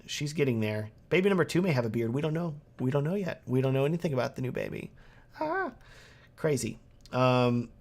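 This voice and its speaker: A man in his thirties hosting a casual livestream, answering viewer questions in a relaxed, chatty way. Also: medium pitch. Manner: casual and chatty, reads viewer comments aloud. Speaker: wedding filmmaker and livestream host.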